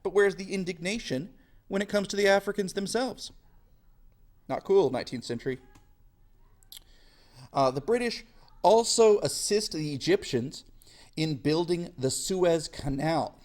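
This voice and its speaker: A man's voice: high voice, a little slow, long pauses, darkish tone. Sarcastic young male history teacher. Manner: sarcastic, slangy, acts out quoted voices. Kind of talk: casual classroom lecture.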